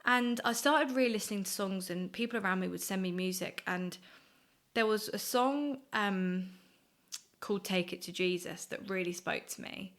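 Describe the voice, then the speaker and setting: Earnest young woman, gravelly fry. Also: mid-range voice, a bit bright. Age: 20s. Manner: earnest, reflective, halting. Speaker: guest sharing her faith story. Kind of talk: personal faith testimony.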